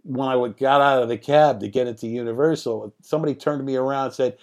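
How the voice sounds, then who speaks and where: A man in his sixties, a guest in an interview, telling anecdotes from home in a lively way, often laughing and swearing. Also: medium pitch, fast talker, few pauses. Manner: animated, laughing, profane.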